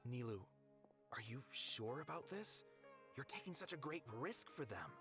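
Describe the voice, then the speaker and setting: A man voicing a kindly older man who speaks in a measured, concerned way, with game music behind. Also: mid-range voice, big pitch swings.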